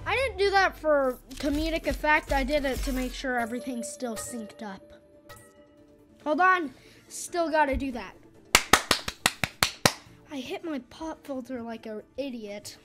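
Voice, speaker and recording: High-voiced young woman gaming streamer. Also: measured pace, pauses often, over loud music. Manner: chatty, self-deprecating, sudden loud exclamations. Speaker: gaming channel host. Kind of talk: casual gameplay commentary. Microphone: boom arm studio mic.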